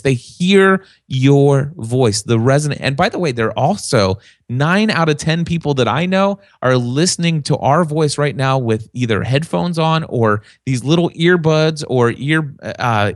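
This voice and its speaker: A man's voice: fairly high pitch, no echo, clean studio sound. A man talking as a podcast guest, telling stories and acting out other people's voices in a casual chat. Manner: animated storyteller, acts out quoted voices.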